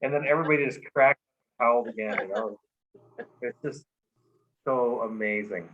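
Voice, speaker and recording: A man, a guest in an interview, telling a long personal story, halting with many fillers and restarts and laughing along. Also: mid-range voice, fairly bright tone, dull audio.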